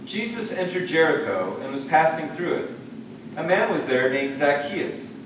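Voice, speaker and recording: A man with a slightly high voice leads a church service, reading scripture in a measured, formal way. He sounds far from the mic, in a very echoey sanctuary with noticeable noise behind him. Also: sing-song. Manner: measured liturgical reading, then playful talk with children. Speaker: pastor.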